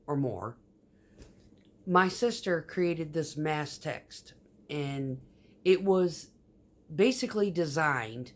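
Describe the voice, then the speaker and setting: दक्षिणी अमेरिकी लहजे वाली महिला, गहरी आवाज़ में बेबाक, गाली-भरी बातें बताती हुई, बीच-बीच में फुसफुसाती है।. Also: female voice, deep voice. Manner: rambling, profane, animated, often drops to a whisper. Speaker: vlogger. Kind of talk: casual storytelling.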